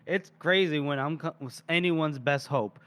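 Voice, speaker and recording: A man's voice: a little high, unhurried, a bit bright, clean tone. A man voicing a weary, sardonic aging male mercenary captain, reading quoted lines from a novel in a dry, world-weary way. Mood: wry.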